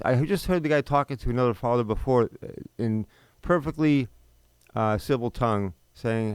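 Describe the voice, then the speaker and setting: A man in his fifties holds forth in an indignant, rambling monologue, firing off rhetorical questions and restarting his sentences. His voice is smooth and resonant, recorded close and dry with no room sound. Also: mid-range voice, normal speed, dry recording. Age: 50s. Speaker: podcast host. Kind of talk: unscripted monologue.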